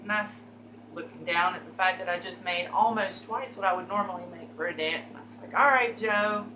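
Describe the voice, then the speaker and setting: A woman telling a candid, animated story for her vlog, cursing now and then. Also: fairly low pitch, brisk, roomy sound, noisy background. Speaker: beauty vlogger telling a story.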